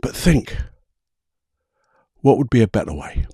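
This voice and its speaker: A husky-voiced man hosts a solo coaching talk, guiding listeners through visualisation exercises one step at a time. His tone stays conversational and easygoing, and the recording is dry and close. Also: medium pitch, big pitch swings, a little slow, dark tone, no room sound. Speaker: podcast host and coach.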